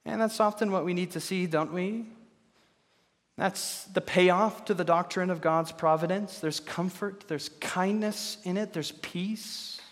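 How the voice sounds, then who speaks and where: A slightly high-voiced man delivers a sermon from the pulpit, measured and earnest, often asking rhetorical questions. His voice rings with the long reverb of a large church hall. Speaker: pastor. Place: church sanctuary.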